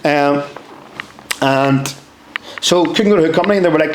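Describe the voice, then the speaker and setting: Brief: male podcast guest, casual storyteller, slightly high voice, echoey room. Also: normal speed, a little hiss or hum. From Northern Ireland. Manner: lively, swears freely, acts out quotes. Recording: roomy echo.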